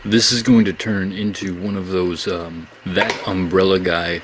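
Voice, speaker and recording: A man guest on a livestream, speaking in a deadpan way. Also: low-pitched, unhurried, slight background noise, rough recording. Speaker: stream guest. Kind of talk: casual livestream chat.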